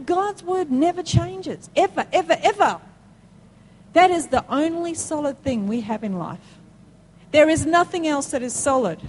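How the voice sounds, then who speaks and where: A woman preaching a sermon, emphatic and repetitive, climbing to excited high peaks when she calls out to the congregation. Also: a little hiss or hum, rough recording. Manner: emphatic, rising to high call-and-response peaks.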